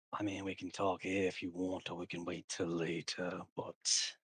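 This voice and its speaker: A man voicing a sly, knowing male sentient sword who speaks slowly and deliberately in a tabletop game. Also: deep voice, fairly bright tone, breathy edge, dry recording, full character voice. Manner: drawling, deliberate.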